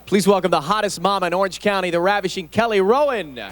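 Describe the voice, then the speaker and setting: A man hosting a lighthearted celebrity interview outdoors in a courtyard, quick and teasing in his manner. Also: high voice, heavy background noise. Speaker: radio show host.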